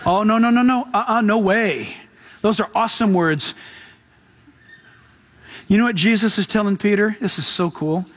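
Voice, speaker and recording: A man preaching a sermon as pastor, casual and animated, with slang and laughter. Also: high-pitched, normal speed, long pauses.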